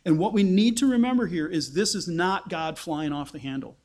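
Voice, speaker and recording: A man's voice: sits high, a little fast, a little mellow. A man preaching a conversational Bible-teaching sermon, asking his listeners rhetorical questions.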